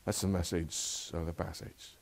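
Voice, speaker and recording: Casting: man with a lowish voice who teaches Bible class casually and chuckles between points. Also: little pitch movement, normal speed, creaky. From Philippines. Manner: conversational, rhetorical questions, laughs often. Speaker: Sabbath school teacher. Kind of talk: animated Bible lesson.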